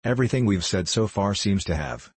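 A man voicing a kind, brave young girl who speaks gently and coaxingly in a storybook reading. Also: on the low side, animated, a little fast, husky, no room sound. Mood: gentle.

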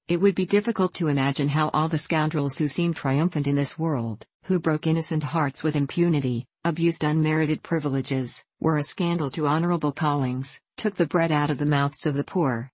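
A woman narrating a classic novel in a measured, even reading. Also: low voice, husky, no echo. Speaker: audiobook narrator.

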